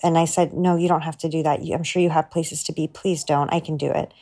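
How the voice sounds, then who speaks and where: Low-voiced woman telling a heartfelt story. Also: steady tone, fast talker. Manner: earnest, heartfelt retelling, drops to a hush for inner thoughts. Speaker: story contributor. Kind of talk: personal storytelling.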